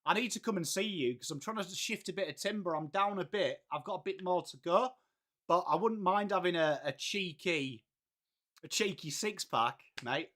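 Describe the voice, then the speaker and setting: A high-pitched Englishman in his late thirties, with a bright, forward voice. He hosts a live stream in a loose, chatty way and calls everyone mate. He greets viewers by name. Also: a little fast. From England. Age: late 30s. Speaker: livestream host. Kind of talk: casual live-stream chat.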